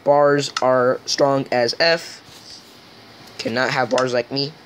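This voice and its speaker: Slow, joking gameplay commentator. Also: mid-range voice, fairly even intonation, fairly bright tone, slight background noise. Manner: joking, rambling, self-mocking. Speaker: gaming video host.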